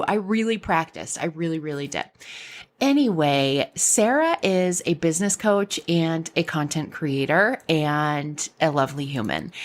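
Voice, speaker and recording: A woman hosting a podcast, chatty and upbeat, laughing easily. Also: fairly low pitch. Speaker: podcast host. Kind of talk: casual podcast chat.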